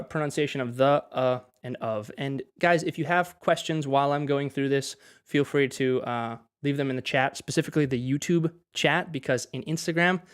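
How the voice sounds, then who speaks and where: A young man from Wisconsin, teaching English in a chatty livestream, greeting viewers by name as he answers their questions. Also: mid-range voice. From Wisconsin, USA. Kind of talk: livestream language lesson.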